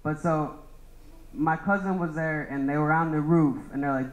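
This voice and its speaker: A man's voice: fairly high pitch, normal speed, echoey room, highs cut off. A young man doing a rambling stand-up roast of his friends, laughing at his own jokes. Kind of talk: open-mic roast set.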